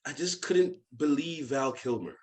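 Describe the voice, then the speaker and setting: Guy on a podcast cracking jokes, kinda high voice, acts out bits. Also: measured pace. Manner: joking, animated, acts out voices in his stories. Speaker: podcast guest. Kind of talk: casual chat.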